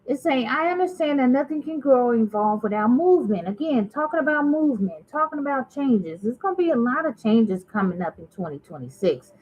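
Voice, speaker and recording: A woman's voice: sits high, lively intonation, a little fast, hardly any pauses, muffled recording. A woman giving a casual tarot reading to her viewers, talking straight to them and musing aloud as she asks spirit questions. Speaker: tarot reader.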